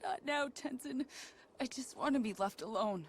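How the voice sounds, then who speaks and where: An actress playing a distraught young heroine who sounds withdrawn and pleading. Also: female voice, sits high, expressive, normal speed, a little hiss or hum. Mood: despairing.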